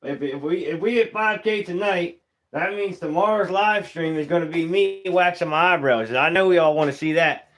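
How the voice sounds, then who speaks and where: Pitched fairly high and a bit bright, a young man talks at a moderate pace on his live stream. He's a taxidermist who jokes as he works, and he greets viewers by name with laid-back Southern-style grammar.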